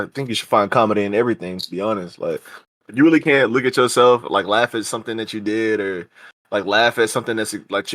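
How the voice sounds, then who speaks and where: Bright laid-back young man. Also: fairly low pitch, no room sound. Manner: laid-back, joking, mock-outraged. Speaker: podcast co-host. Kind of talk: casual chat.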